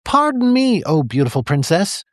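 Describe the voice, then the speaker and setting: A man's voice: mid-range voice, animated, moderate pace, dry recording, clean studio sound, lightly acted. A man voicing a sad, pathetic male frog who claims to be an enchanted prince, in a whiny, pitiful way. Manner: whiny, pitiful, then smug.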